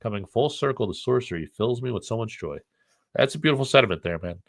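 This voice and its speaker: A man's voice: medium pitch, animated, quick pace, creaky. A middle-aged man from the United States hosting a casual live stream, joking, rambling and reading the chat aloud.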